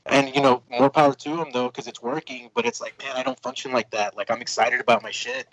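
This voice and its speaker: A man's voice: mid-range voice, sing-song, fast, gravelly, fairly bright tone, rough recording. A man talking casually as a podcast guest and comic creator, laid-back and rambling with lots of filler words. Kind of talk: casual chat.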